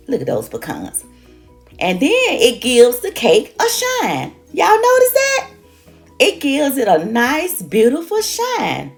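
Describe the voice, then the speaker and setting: An older woman hosts a home cooking demonstration, exuberant and folksy, talking straight to her viewers. Her voice swoops up and down freely, with gravel in the low notes. She speaks in an unhurried way. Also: wildly swooping pitch, faint music behind. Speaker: cooking show host.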